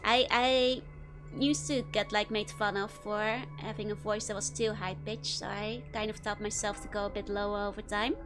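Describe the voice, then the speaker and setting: A woman's voice: mid-range voice, flat delivery, normal speed, over music. A young woman VTuber, chatting casually with viewers while playing a game, giggling often. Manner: giggly, answers chat questions, frequent laughter. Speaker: VTuber streamer. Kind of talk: casual gameplay chat with chat.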